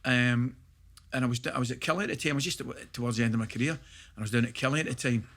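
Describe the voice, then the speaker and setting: Bright, lively Scottish man. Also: medium pitch, rapid-fire. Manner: animated storyteller, laughs through his stories. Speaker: guest, former footballer. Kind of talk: casual podcast chat, anecdote telling.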